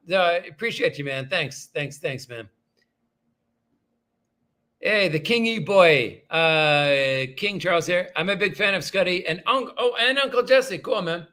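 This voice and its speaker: Male livestream host, higher and brighter than most men, loose and self-mocking as he chats with viewers. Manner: rambling, self-deprecating, thanks viewers often. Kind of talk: casual livestream chat.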